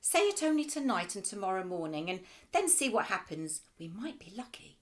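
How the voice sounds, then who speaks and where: A woman voicing a shy, lovestruck elderly man who speaks softly and earnestly. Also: medium pitch, sing-song, moderate pace, lightly acted. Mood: reassuring.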